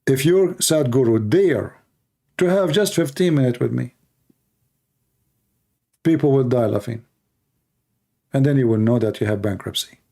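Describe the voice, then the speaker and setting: Guy on a livestream ranting, sarcastic and mocking, warm low-ish voice. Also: unhurried, creaky, long pauses. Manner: mocking, sarcastic, acts out opponents. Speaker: livestream debate host. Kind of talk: casual livestream rant.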